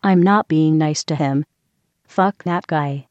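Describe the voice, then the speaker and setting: A woman's voice: sits low, slow pace, dry recording, dull audio. A text-to-speech woman as a cursing computer. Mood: angry. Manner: flat synthetic delivery, profane outbursts. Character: foul-mouthed female computer assistant.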